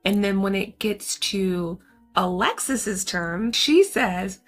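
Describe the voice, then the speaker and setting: A woman's voice: mid-range voice, lively intonation, slow, faint music behind. A woman hosting a horror movie recap, talking in a chatty, slangy, casual way straight to her viewers.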